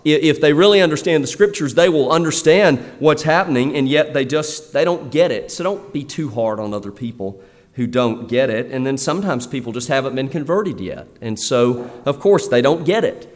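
Man preaching in a reverberant church. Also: a little high. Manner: conversational preaching with frequent fillers and restarts. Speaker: pastor. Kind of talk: sermon. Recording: long reverb of a church hall.

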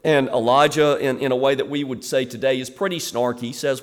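A man preaching an expository sermon as a pastor, animated, moving between loud emphasis and quiet asides. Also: medium pitch, a little fast. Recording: long reverb of a large hall.

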